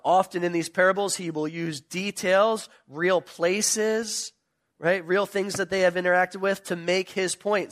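A male pastor preaching a sermon, retelling a parable with animated storytelling and emphatic questions. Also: high voice.

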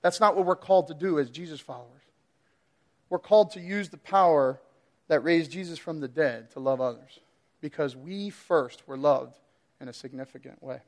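A man with a fairly high voice delivers a sermon. He laughs often and acts out his pets' voices in playful asides. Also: fairly bright tone. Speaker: preacher.

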